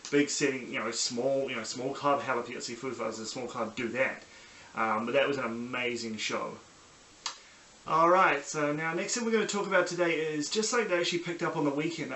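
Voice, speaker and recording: Bright and forceful at medium pitch, this young New Zealand podcast host rambles enthusiastically through his casual solo review show, full of ums and restarts. He records in a small sunny room at home, where the sound is echoey with faint hiss.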